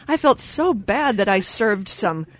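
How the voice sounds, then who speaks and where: A woman hosting a radio talk show in a studio, telling stories with lively quoted voices and frequent laughter. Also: medium pitch, a little slow, no echo. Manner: animated storyteller, acts out quoted voices; laughs often mid-sentence. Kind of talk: casual radio chat.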